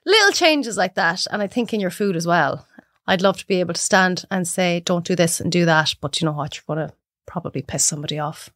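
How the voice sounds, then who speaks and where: A woman's voice: on the low side, brisk, no echo, studio quality. A young adult Irish woman, a cook and podcast guest, chatting casually and acting out other people's voices as she tells stories. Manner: animated storyteller, acts out others' voices. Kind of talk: casual chat.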